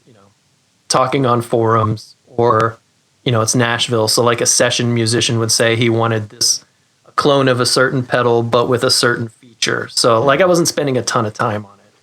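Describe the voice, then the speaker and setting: Male podcast guest, mid-pitched, rambling, self-mocking, casual. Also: fairly even intonation, normal speed, fairly bright tone. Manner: rambling, self-deprecating, laughs. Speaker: guest, guitar pedal maker. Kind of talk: casual interview chat.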